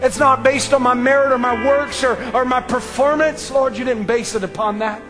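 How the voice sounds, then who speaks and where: A man preaching an impassioned sermon, swinging from ringing declarations to hushed near-whispers and repeating his phrases for emphasis. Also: very high voice, fairly even intonation, moderate pace. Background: faint music.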